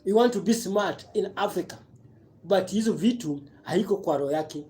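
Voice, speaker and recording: A man's voice: high voice, expressive, normal speed, dark tone. A man with a Kenyan accent giving impassioned, repetitive political commentary on a live stream, mixing broken English with Swahili.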